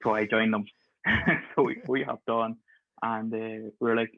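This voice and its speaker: A man's voice: fairly low pitch, fairly even intonation, unhurried, creaky, dry recording. Man telling stories over a tinny call. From Ireland. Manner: chatty, laughs through his stories. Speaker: guest, pharmacist. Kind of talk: casual storytelling. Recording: thin phone-like call audio.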